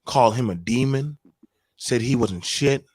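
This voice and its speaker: A man telling stories on a podcast, emphatic and animated, with plenty of profanity. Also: medium pitch, unhurried, no room sound. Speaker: podcast co-host. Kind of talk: casual podcast discussion.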